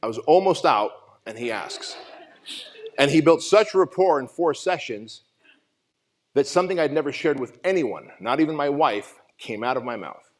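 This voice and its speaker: A man's voice: mid-range voice, expressive, moderate pace. A man in his forties from Armenia giving an emotional, profane motivational talk at a summit, telling his own story. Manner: raw, emotional storytelling with frequent swearing. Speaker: summit speaker. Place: conference stage.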